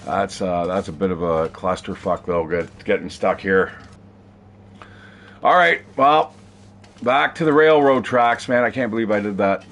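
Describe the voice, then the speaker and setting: A man's voice: lowish voice, measured pace, a bit bright, a little hiss or hum. A man giving casual, rambling commentary while playing a survival video game, chatting to viewers and swearing now and then. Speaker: gaming streamer.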